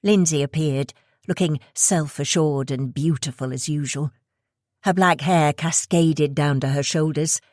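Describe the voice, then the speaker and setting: Low-voiced woman narrating a thriller. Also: measured pace, a little mellow, no room sound, studio quality. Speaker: audiobook narrator. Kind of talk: scripted narration.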